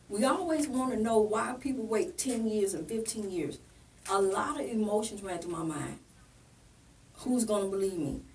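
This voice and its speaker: A woman's voice: mid-range voice, far from the mic, slight background noise. A woman pastor and political candidate, telling a painful personal story in an interview in a plain-spoken, earnest way. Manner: plain-spoken, earnest, acts out remembered dialogue.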